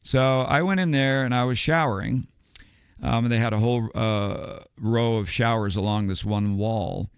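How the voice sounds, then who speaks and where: A man's voice: medium pitch, steady tone, moderate pace, clean tone, no room sound, clean studio sound. An older man from the United States, a podcast guest telling a long story in a rambling, digressive way and chuckling between details. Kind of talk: casual storytelling.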